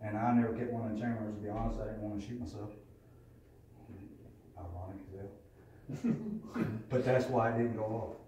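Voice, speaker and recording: A man's voice: lowish voice, steady tone, moderate pace, pauses often, dark tone, slight background noise. Candid man in an echoey hall. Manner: candid, profane, plainspoken storytelling. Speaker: recovery meeting speaker. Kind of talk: personal testimony. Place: meeting room. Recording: echoey room from a distance.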